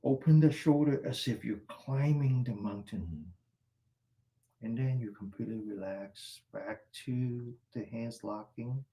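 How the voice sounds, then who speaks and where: A man guiding a qigong exercise class, calmly cueing each stretch and breath step by step. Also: medium pitch, unhurried, creaky. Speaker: qigong instructor. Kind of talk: guided exercise class instruction.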